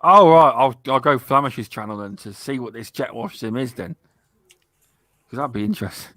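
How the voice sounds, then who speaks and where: A chatty man co-hosting a gaming podcast, talking at a middling pitch. His voice is recorded close and dry, with no room sound. He is animated when he tells a story. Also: normal speed, dry recording. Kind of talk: casual gaming podcast chat.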